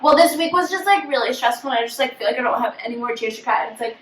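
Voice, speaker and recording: A woman co-hosting a casual chat podcast who talks in an animated way, acting out quotes with lots of "like". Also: on the high side, rapid-fire, echoey room, recorded from a distance, a little hiss or hum, rough recording. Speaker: podcast co-host.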